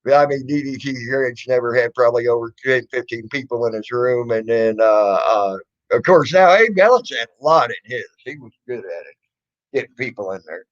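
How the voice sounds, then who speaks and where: A man's voice: medium pitch, a little fast, lo-fi sound. A man ranting on a casual stream, mocking and sarcastic, swearing and laughing often. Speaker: streamer responding to trolls.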